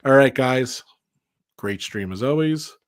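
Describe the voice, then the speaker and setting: A man's voice: medium pitch, lively intonation, slow, no room sound, studio quality. A man co-hosting a casual livestream chat, talking freely and laughing often. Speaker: podcast co-host.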